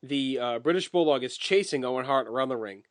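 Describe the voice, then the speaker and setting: A man co-hosting a podcast, walking through a wrestling match blow by blow in relaxed, casual chat with occasional swearing. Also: medium pitch, brisk, no room sound, clean studio sound. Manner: detailed play-by-play recounting, swears casually. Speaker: podcast co-host.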